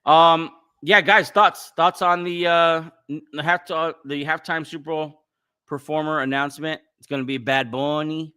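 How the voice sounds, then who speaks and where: A man's voice: a little high, little pitch movement, moderate pace, bright, forceful tone, smooth. A man hosting a casual livestream podcast, chatting in a rambling way with lots of fillers and restarts. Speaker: podcast host.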